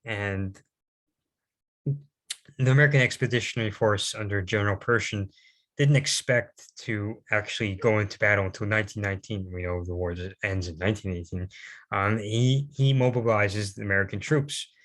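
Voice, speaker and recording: A man's voice: on the low side, moderate pace, fairly bright tone. A young man giving an informal history presentation, rambling and hesitant with many fillers and restarts, adding self-deprecating asides.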